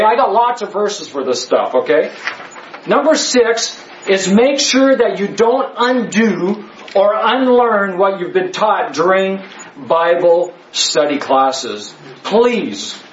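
A man's voice: sits high, a little hiss or hum. A man teaching a Bible study class, emphatic and joking, full of rhetorical questions. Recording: echoey, slightly dull room.

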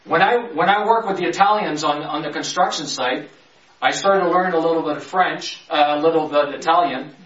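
A man teaching from the Bible in a conversational preaching style, slowly stretching key words and rushing through his asides. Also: a little high, a bit bright. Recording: roomy, distant, dull sound.

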